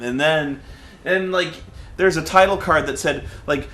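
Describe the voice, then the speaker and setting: A man's voice: a little high, unhurried, bright, forceful tone, reverberant. A man who is a movie reviewer, chatting casually and animatedly with his brother, stammering and acting out quotes from the film.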